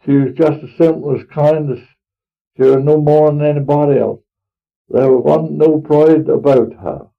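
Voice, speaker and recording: A man's voice: fairly high pitch, fairly even intonation, normal speed, vocal fry. A man playing an elderly, pious farmer with a rural Norfolk dialect, telling his tale in a homely, earnest, rambling way. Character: elderly pious rustic farmer, plain-spoken. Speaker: storyteller in character. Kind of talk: dramatic monologue reading. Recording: tinny phone-like old recording.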